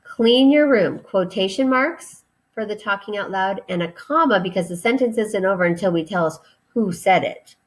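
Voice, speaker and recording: A woman teacher giving a recorded grammar lesson to children, patient and deliberate as she spells out each step. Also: medium pitch.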